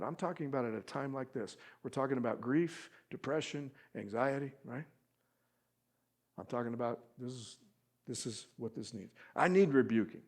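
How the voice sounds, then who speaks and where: A man with a medium-pitched voice preaches a sermon as a pastor. He swings between loud, emphatic appeals and quiet asides, acting out quoted speech with feeling.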